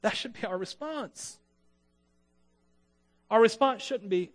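A man preaching a sermon, conversational and lively, acting out the voices of the people in his text and joking with his listeners. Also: sits high, slow, pauses often, soft background music. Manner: animated, acts out biblical voices. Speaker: pastor.

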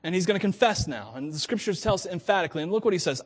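A man preaching in a relaxed, conversational way, with a fairly high voice. He laughs often and slips into quoted voices to act out the scene. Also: very fast, slightly rough. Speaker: pastor. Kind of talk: sermon.

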